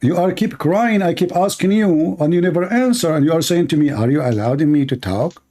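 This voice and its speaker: A man's voice: a little high, fairly quick, dark tone. A man with an Arabic accent, a native Arabic speaker from the Middle East, hosting a heated debate and pressing his opponent with insistent, combative questions. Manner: combative, insistent, talks over the caller. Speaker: host, Christian apologist.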